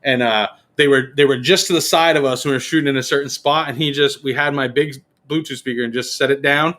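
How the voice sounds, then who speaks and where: A man's voice: mid-range voice, fast. A man telling a story in a casual podcast chat, swearing freely and acting out what people said. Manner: animated, profane, acts out quotes.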